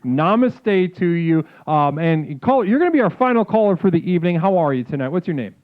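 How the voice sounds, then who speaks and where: A man's voice: high-pitched, sing-song, a little fast. A man hosting a comedic live call-in stream, reading chat aloud in a mock-spiritual, swearing manner. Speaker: livestream host. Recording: phone-like lo-fi sound with music behind.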